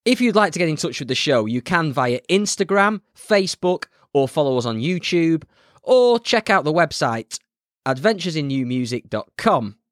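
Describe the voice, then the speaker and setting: A man's voice: on the high side, animated, moderate pace, no echo, studio quality. A man co-hosting a music podcast in casual chat, telling stories in a playful, chatty way. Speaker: podcast co-host.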